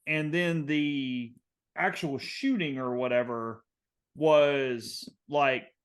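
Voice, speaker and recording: A young man with a Southern American accent, a podcast co-host, casually tells a long story, rambling with lots of fillers and growing animated. His voice is medium in pitch, and he takes his time.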